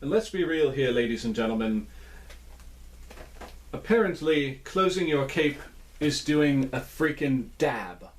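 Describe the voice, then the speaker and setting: A man's voice: mid-range voice, expressive, unhurried, long pauses. A man reviewing cereal in a casual vlog from a small indoor room, with playful, jokey asides.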